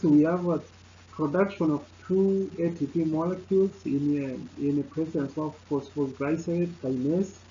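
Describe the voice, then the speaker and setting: A man narrating a slide lecture, pausing often with filler sounds. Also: on the high side, dark tone. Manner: halting, frequent uh fillers. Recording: dull lo-fi sound with faint noise.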